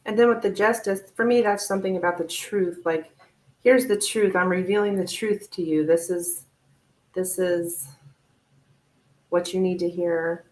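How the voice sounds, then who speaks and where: A woman's voice: on the low side, measured pace. Chatty woman tarot reader, echoey room. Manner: chatty, animated, laughs often, thanks viewers warmly. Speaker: tarot reader hosting a live stream. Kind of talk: casual live-stream reading. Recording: roomy echo.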